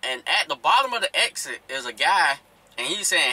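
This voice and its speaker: Profane, animated trucker recounting a road story, high and very bright voice. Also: male voice, moderate pace, husky, no echo, rough recording. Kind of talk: casual storytelling.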